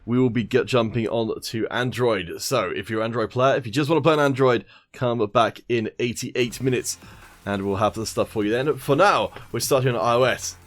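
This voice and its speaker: A man's voice: medium pitch, normal speed. Joking male stream caster over faint music. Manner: joking, self-mocking, greets chat by name. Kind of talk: casual stream commentary.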